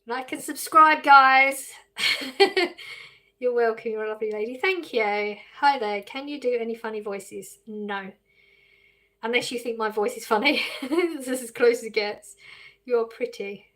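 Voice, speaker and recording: English lady on a live stream reading out chat and answering, laughs a lot, fairly high voice. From England. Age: adult with children. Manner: reads viewer questions aloud and answers them, laughing often.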